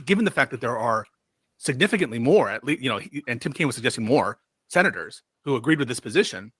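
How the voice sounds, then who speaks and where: A man's voice: mid-range voice, sing-song, fast talker, a bit bright, husky, no room sound. A man arguing politics on a stream, pressing his point and repeating his question. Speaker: debate guest. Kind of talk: heated political argument.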